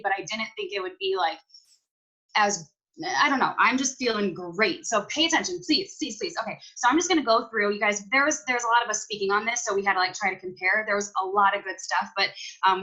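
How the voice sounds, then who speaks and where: A woman's voice: medium pitch, sharp tone, poor audio. A young woman on a video call, casually recapping a conference in an emphatic, chatty way, repeating her key points. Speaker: team leader recapping a conference. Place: at home.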